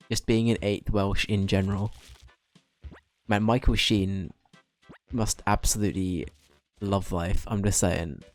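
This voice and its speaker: A young man streaming a game, joking and chatting casually with quick asides. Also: lowish voice, a little mellow. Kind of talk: casual gaming commentary.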